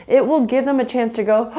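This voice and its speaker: Marriage counselor, woman, earnest and lively, acts out scenes while teaching. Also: a little high, a little fast. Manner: animated, earnest, acts out example dialogues. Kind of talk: faith-based relationship teaching.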